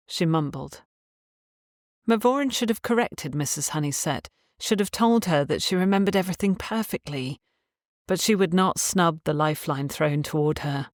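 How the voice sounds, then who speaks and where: A woman's voice: low-pitched, moderate pace, no echo. Woman narrating a romance audiobook, dry.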